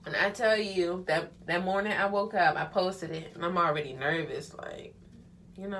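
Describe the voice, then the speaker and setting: A woman's voice: on the low side, moderate pace, a bit bright, a little hiss or hum. A young woman vlogging as she gets ready, telling her life story in a candid, chatty way and using slang like honey and child. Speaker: vlogger and hairstylist. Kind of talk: casual get-ready-with-me storytelling.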